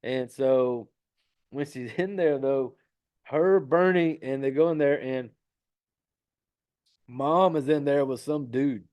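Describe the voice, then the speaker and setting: A man's voice: mid-range voice, slow, long pauses, darkish tone, clean tone. A man casually recapping a horror film plot, rambling and swearing freely, with frequent laughs. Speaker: podcast host recapping a film.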